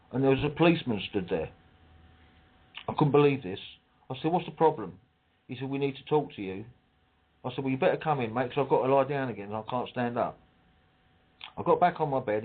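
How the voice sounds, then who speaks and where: A man's voice: mid-range voice, breathy edge. A middle-aged man, telling his story emotionally with restarts and acting out the exchanges. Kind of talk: casual personal account. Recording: tinny phone line.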